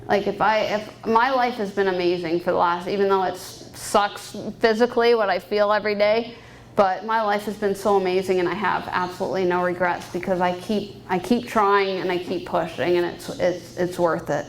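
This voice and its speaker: A woman's voice: medium pitch, steady tone, normal speed, slight background noise, low-quality recording. A woman in her thirties, a private pilot, giving a candid, upbeat personal talk at a fundraising banquet and laughing often. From Canada. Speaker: guest speaker and private pilot. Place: banquet hall.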